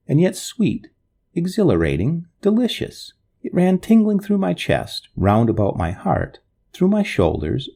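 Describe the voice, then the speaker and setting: A man narrating an old story in the first person, in a dramatic, expressive way. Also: on the high side, vocal fry, slightly rough.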